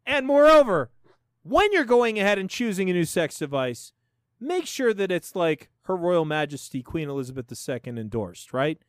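Animated sarcastic male podcast host. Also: high voice, normal speed, no echo, studio quality. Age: middle-aged. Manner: animated, sarcastic, laughs often. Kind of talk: casual comedic commentary.

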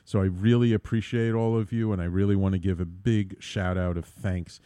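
Male talk radio host, low-pitched, mellow tone, earnest and rambling, dry close recording. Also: steady tone, moderate pace, clear, resonant tone, no echo. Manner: rambling, many fillers and restarts. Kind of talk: casual radio talk monologue.

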